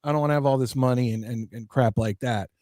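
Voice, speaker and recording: A man's voice: mid-range voice, fast talker, darkish tone, no echo, studio quality. A man hosting a casual sports talk show, reading viewer comments aloud and ranting with many restarts. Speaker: podcast host reading chat.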